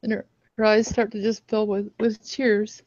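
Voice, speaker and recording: A woman player chatting at a tabletop game, soft and hesitant. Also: medium pitch, flat delivery, normal speed, no echo, lo-fi sound. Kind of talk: casual chat at a tabletop game.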